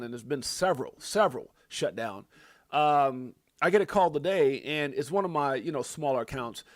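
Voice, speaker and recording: Crypto stream host, American man, middle-aged, high-pitched, dry close mic, angry casual venting. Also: no room sound. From United States. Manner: heated, venting, swears often. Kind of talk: casual ranting livestream talk.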